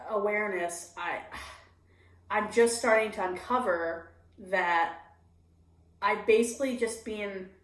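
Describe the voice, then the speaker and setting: A woman stand-up comedian talking candidly in an interview, acting out her own inner voice as she goes. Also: medium pitch. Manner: confessional, animated, acts out her own inner voice. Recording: echoey room.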